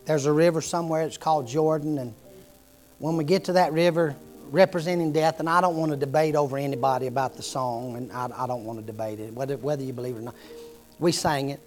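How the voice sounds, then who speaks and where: A man's voice: fairly high pitch, fairly even intonation, fast, darkish tone, faint music behind. A middle-aged man, preaching a sermon with impassioned storytelling.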